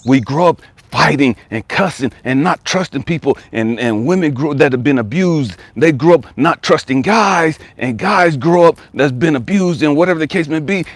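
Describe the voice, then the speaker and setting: An emphatic man who is a life coach tells a motivational story, repeating phrases and building intensity. His voice sits fairly high for a man. The sound is dry and close. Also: dry recording.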